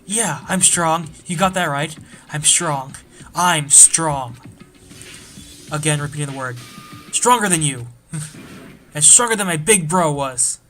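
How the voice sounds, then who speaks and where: A man doing a gruff hot-tempered young biker. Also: on the high side, slow, long pauses, a bit bright, faint music behind. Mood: boastful. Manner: gruff, swearing, confrontational. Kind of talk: let's play voice acting.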